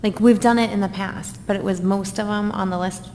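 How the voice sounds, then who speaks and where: Woman, mid-pitched, casual committee member, reverberant room recording. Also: steady tone, a little fast, darkish tone, slight background noise. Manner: casual, lots of "like". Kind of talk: committee meeting discussion. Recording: distant mic in a reverberant room.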